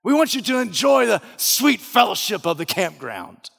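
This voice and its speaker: Casting: a man acting out a laid-back, dismissive camp leader, high lively gravelly voice, hall reverb. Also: unhurried. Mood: cheerful coaxing. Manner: cheerfully coaxing, then drawling and dismissive. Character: complacent man running a camp, easygoing, dismissive.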